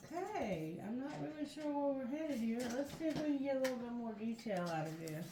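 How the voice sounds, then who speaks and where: A woman's voice: high-pitched, animated, normal speed. A woman reading tarot for her viewers, talking frankly and chattily and now and then calling on spirit. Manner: frank, chatty, addresses spirit, earthy phrasing. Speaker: tarot reader. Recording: echoey room with noise behind.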